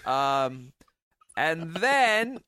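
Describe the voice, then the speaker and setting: A man co-hosting a podcast, recounting a story in a deadpan, sarcastic way. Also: fairly high pitch, drawn-out words, smooth, no room sound. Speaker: podcast co-host. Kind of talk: casual comedic chat.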